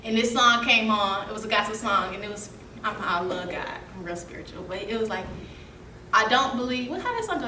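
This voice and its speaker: A woman telling her life story to a seminar audience, animated and laughing through it. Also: medium pitch, a little fast, a little hiss or hum. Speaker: seminar speaker. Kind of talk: storytelling talk to a youth audience. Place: seminar room. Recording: echoey room, mic from a distance.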